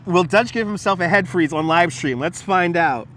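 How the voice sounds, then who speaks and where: A man's voice: sits high, normal speed, a bit bright, slight background noise. A man hosting a casual livestream outdoors, rambling, laughing and swearing while he answers his chat. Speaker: livestream host. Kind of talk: casual live-stream chat while walking. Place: outdoors on a city waterfront. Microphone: wireless lapel mic.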